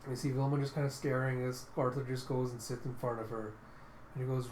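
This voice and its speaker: A man's voice: mid-range voice, little pitch movement, fairly quick, darkish tone, slight background noise. A man reading a comic book aloud in a casual, chatty way. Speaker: manga reader. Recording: echoey room.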